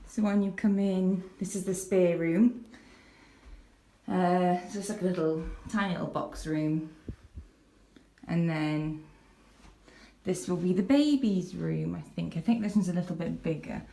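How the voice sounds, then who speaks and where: A woman out of breath from climbing stairs gives a casual house tour, breaking into excited exclamations. Her voice sits a little low and she speaks slowly. The bare rooms give it a strong echo. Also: gravelly. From England. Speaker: vlogger. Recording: echoey empty rooms.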